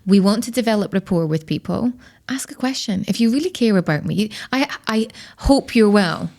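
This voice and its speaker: A woman's voice: medium pitch, lively intonation, fast talker, vocal fry, a little mellow. A woman with a Scottish accent, a guest on a business podcast, speaking emphatically and acting out the quoted lines in her stories. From Scotland. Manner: emphatic and opinionated, acts out quoted dialogue. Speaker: podcast guest, personal branding expert. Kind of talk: conversational interview.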